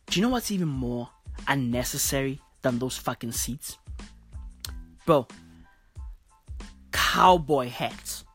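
A woman delivering a crude, profane comedic rant, repeating herself and bursting into loud, exasperated shouts. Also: rumbling low, breathy edge. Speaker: comedic ranter.

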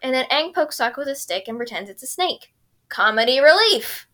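A woman's voice: sits high, expressive, brisk, bright, forceful tone. A young woman casually recapping a cartoon episode, giggling often and briefly mimicking the characters.

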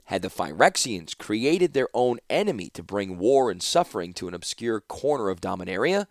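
A man narrating a fantasy audiobook in a dramatic, expressive storytelling manner. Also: fairly low pitch, normal speed, dry recording, clean studio sound.

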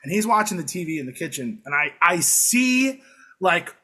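A man's voice: a little high, sing-song, moderate pace, bright, forceful tone, breathy edge. A man in his late twenties from Long Island, a podcast guest telling a rambling story in casual chat and laughing through his lines. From Long Island, New York. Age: late 20s.

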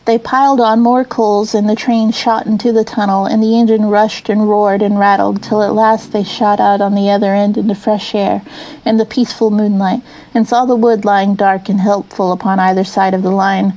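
A woman reading a children's classic aloud with an even, expressive delivery. Her voice is warm and mellow, sitting at a middle pitch. The narration is steady and clear. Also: moderate pace, highs cut off. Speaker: audiobook narrator. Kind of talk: storybook narration.

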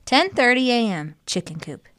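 A woman's voice: a little high, very animated, moderate pace, a bit bright, no room sound, clean studio sound. A woman reading aloud a punny detective story for children as narrator.

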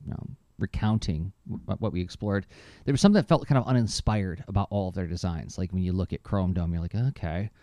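A middle-aged man co-hosting a podcast in casual chat, an enthusiastic storyteller whose voice jumps up when excited. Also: a little fast, no echo. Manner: animated, enthusiastic storyteller with lively pitch jumps. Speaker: podcast co-host.

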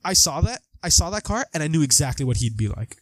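A young man co-hosting a casual podcast chat about a film, animated and quick to act out lines from scenes. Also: dry recording. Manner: animated, acts out quotes with big pitch jumps. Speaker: podcast co-host.

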